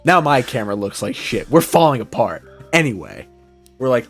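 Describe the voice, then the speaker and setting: A young podcast co-host tells a long story in a casual, profane, animated way, acting out the quotes. His mid-range voice has a breathy edge and a moderate pace. He's heard over a call mic with faint music behind.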